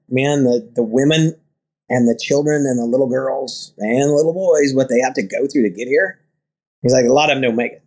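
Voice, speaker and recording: A ranch owner in an interview, talking earnestly and rambling through stories with quoted dialogue. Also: male voice, on the high side. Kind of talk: conversational interview storytelling.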